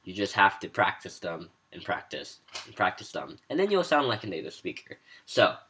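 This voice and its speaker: A man's voice: low-pitched, big pitch swings, moderate pace, sharp tone, slight background noise. A man giving a casual spoken lesson, explaining sounds and demonstrating each one aloud with a few fillers. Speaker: language teacher.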